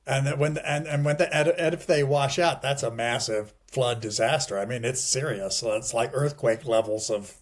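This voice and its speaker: A man's voice: medium pitch, normal speed, hardly any pauses. A middle-aged man being interviewed, talking casually with many restarts and wry chuckles at grim points. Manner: rambling, digressive, frequent restarts and "you know". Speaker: guest.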